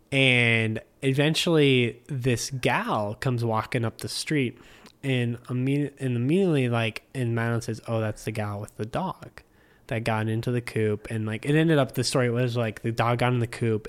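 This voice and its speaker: A man telling a long anecdote as a podcast guest in his living room, rambling with plenty of "like" and acting out what people said. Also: mid-range voice. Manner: rambling, heavy use of "like", acts out quoted speech. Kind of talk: casual storytelling chat.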